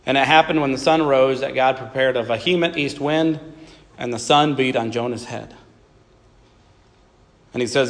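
A man with a medium-pitched voice preaches a sermon at normal speed, pausing often, in a large hall with long reverb. He reads scripture aloud and voices Jonah's complaints in plain speech, using emphatic lists of short phrases.

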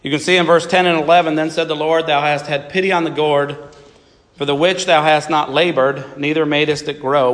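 His voice fairly high and fairly bright, a man preaches in a large hall that leaves a long reverb. He reads scripture aloud, speaks Jonah's complaints in plain terms, and punctuates the sermon with emphatic runs of short phrases.

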